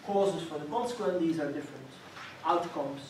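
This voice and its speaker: A man giving an academic colloquium talk, explaining step by step and checking in with "right?". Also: a little high. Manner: measured, explanatory, frequent "right?" check-ins. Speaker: lecturer. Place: lecture room. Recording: echoey hall, mic far off, faint hiss.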